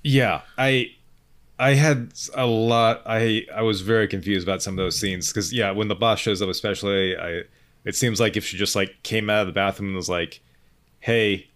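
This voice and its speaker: A man's voice: fairly low pitch, steady tone, normal speed, a bit bright. A man co-hosting a casual podcast, talking in a hesitant, hedging way with many restarts. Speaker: podcast co-host. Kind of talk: casual movie review chat.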